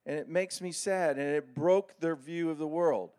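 Middle-aged man, pastor, a bit high-pitched, animated and folksy. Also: moderate pace, clean tone. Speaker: preacher. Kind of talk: sermon.

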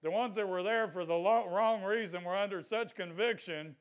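Older man, high voice, folksy preacher, exhorting, sudden loud shouts. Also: normal speed. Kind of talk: sermon.

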